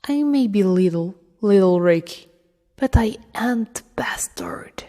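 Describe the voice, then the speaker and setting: A woman's voice: mid-range voice, lively intonation, slow. A woman voicing a cold, mocking teenage prince. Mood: menacing whisper. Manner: soft, menacing and mocking. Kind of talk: audiobook reading. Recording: reverberant room.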